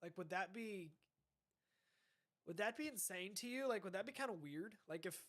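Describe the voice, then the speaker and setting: A man's voice: sits high, lively intonation, normal speed, pauses often, a bit bright. A young man hosting a casual podcast, reacting to dating tips in a rambling way, often trailing off and correcting himself. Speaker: podcast host.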